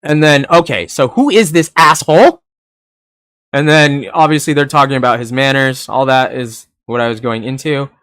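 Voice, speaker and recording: A man's voice: mid-range voice, moderate pace, fairly bright tone, smooth, no room sound, clean studio sound. A young man reviewing an anime episode in a rambling, casual way, laughing often and swearing now and then.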